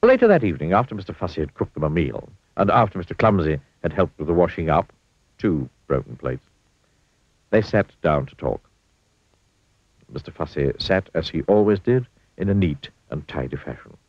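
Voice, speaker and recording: Low husky guy reading a kids story, super animated, muffled dry old recording. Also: moderate pace, no room sound. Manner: playful and expressive.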